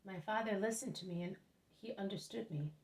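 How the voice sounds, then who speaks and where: A woman voicing a rueful, gentle man speaking of his family, in a storybook reading. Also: medium pitch, brisk, close to an everyday voice. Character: wistful man, doubting family left behind. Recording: roomy echo, mic at a distance.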